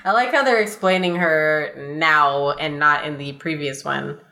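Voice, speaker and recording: A woman's voice: sits low, steady tone, sharp tone. A woman co-hosting a podcast, chatting casually and giggling at the story. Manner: giggly, quick reactions. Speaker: co-host. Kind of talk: casual chat.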